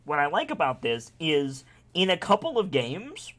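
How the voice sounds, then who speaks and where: Excitable, laughing young man chatting games. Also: on the high side, moderate pace. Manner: excitable storyteller, laughs often, swears casually. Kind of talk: casual gaming chat.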